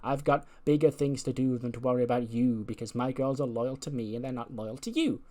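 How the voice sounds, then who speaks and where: A man's voice: medium pitch, expressive, a little fast, dark tone, lightly acted. A man voicing a bubbly, self-absorbed young female wrestler in a game playthrough, talking in a sing-song, vain way. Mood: dismissive.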